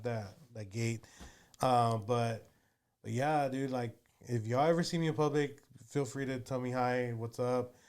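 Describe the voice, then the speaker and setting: A man's voice: medium pitch, smooth. A man, telling stories as an interview guest, rambling with many fillers. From Texas. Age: 30s. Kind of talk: casual storytelling.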